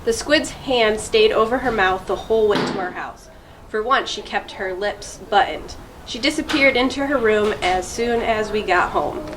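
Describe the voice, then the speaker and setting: A woman reading a children's chapter book aloud to students, in a clear, steady storytelling voice. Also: medium pitch, moderate pace, noisy background. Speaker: school deputy reading aloud.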